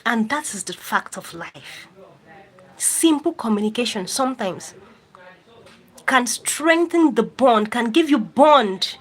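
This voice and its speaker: A woman's voice: a little high, lively intonation, slow, poor audio. A woman hosting a live stream, reading viewer comments aloud and answering them directly, repeating phrases for emphasis. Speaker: YouTube host reading live chat.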